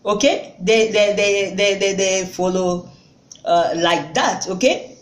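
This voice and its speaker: A woman with a Nigerian accent, a native Igbo speaker, giving an informal spoken language lesson with many fillers and restarts, and repeating words slowly for learners. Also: mid-range voice. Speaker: language tutor. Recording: echoey room.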